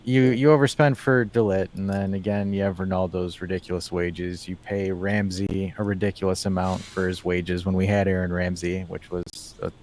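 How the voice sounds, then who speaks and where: A man co-hosting a casual football podcast, talking in a rambling, animated way, full of fillers and restarts, with wry asides. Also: deep voice, moderate pace, hardly any pauses. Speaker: podcast co-host.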